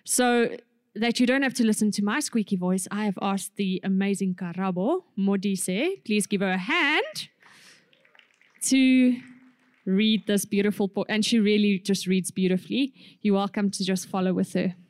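A woman's voice: medium pitch, normal speed, darkish tone, no echo, studio quality. A woman introducing a sermon in church, chatty and informal. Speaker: preacher.

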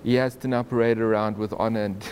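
A man's voice: fairly low pitch, fast talker, a little hiss or hum. Man retelling a Bible story with animation. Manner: animated storytelling with chuckles and restarts. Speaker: Bible teacher.

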